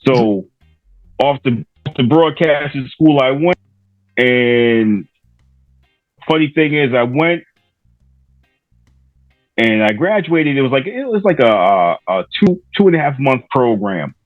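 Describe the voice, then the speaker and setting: A man's voice: medium pitch, expressive, takes it slowly, pauses often, no room sound, highs cut off, faint music behind. A middle-aged man from Rhode Island, a podcaster guest telling stories casually and loosely, with many fillers and restarts. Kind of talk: casual interview storytelling.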